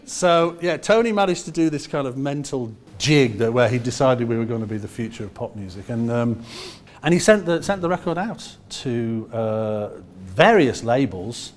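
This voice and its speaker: A man in his sixties from Liverpool with a Liverpool accent, telling anecdotes in a lively way and acting out other people's voices with quick asides. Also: mid-range voice. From Liverpool, England. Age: 60s. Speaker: musician telling stories. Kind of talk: anecdotal storytelling.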